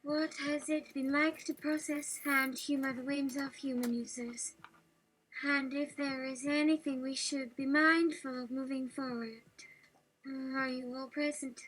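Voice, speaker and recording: A text-to-speech woman's voice reading a story aloud, breathy and hesitant. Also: high-pitched, steady tone, a little slow, fairly bright tone, poor audio.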